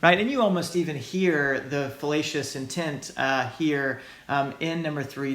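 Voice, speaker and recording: Male teacher, lecture, hedging loose delivery, keeps checking in, slightly high voice, roomy echo. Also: moderate pace, a bit bright. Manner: loose, hedging, many "sort of", checks in with "right?" and "okay?". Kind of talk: recorded lecture explaining logic.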